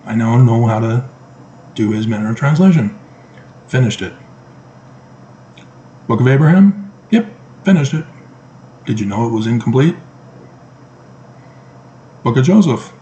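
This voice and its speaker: A man's voice: medium pitch, expressive, moderate pace, pauses often, mellow, dull audio. Middle-aged man, mid-range voice, emphatic monologue full of sarcastic rhetorical questions, faint hiss behind. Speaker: vlogger. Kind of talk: casual monologue to camera.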